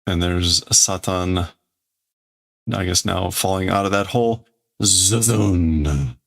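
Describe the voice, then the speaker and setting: A man translates a comic on a live stream in an unhurried, low voice with a gravelly edge. He thinks aloud as he goes and often hedges or corrects himself. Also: steady tone, fairly bright tone. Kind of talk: casual live commentary.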